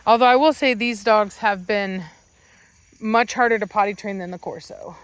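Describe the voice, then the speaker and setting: A woman from Virginia who breeds dogs, talking casually at home about her puppies and their training. Her voice sits at an ordinary middle pitch. She rambles with fillers and switches into sing-song baby talk when praising the dogs. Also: normal speed, no echo. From Virginia, United States. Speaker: dog breeder.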